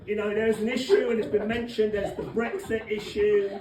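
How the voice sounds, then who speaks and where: A man's voice: high-pitched, fairly even intonation, normal speed, darkish tone. An English man doing a rowdy, cheeky stand-up set in a comedy club and teasing the crowd, with the audience laughing. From England. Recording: echoey club from far off, crowd noise.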